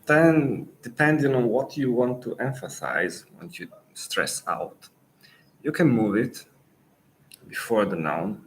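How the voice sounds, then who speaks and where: A man with an Italian accent, a native Italian speaker coaching Italian in a live Q&A lesson, pausing thoughtfully and restarting phrases. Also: medium pitch, a little hiss or hum, low-quality recording.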